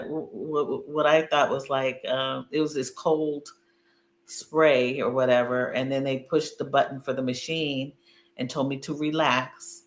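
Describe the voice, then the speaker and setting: Her pitch extremely low yet fairly bright in tone, a middle-aged woman tells a story on a video call, steady and a little slow. She chats casually with many fillers and bursts of laughter. The recording picks up room echo and a faint hum.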